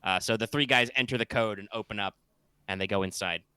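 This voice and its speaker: Game master, male, bright and crisp, rambling tabletop narration. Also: lowish voice, fast talker, dry recording. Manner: loose, chatty narration with fillers and sound effects.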